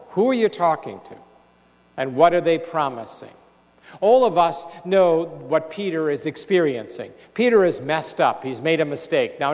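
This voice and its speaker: A man giving a homily as a priest, telling a story in measured preaching. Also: on the high side. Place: large church. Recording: reverberant church hall.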